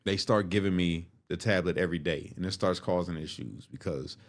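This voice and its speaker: A man's voice: low-pitched, brisk. A man telling a story from his life in casual, profane talk, acting out what people said. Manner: profane, animated, acts out quotes.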